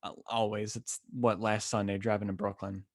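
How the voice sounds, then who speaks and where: Excitable young man. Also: lowish voice, normal speed. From Western New York. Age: 20s. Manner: animated, rambling, slangy and excitable. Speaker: podcast host. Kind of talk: casual solo podcast storytelling. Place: temporary room, not his usual setup.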